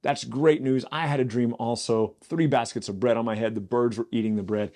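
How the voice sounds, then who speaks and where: A man voicing a dejected but hopeful baker who tells his dream in a soft, low-key way. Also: fairly even intonation, brisk, natural voice. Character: dejected adult male baker, hopeful and plain.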